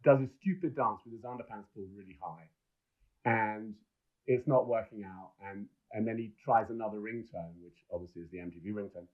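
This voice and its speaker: A man's voice: lowish voice, brisk. A middle-aged man, a film director and podcast guest, telling enthusiastic, rambling stories with many restarts. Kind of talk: casual podcast storytelling. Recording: dull lo-fi sound.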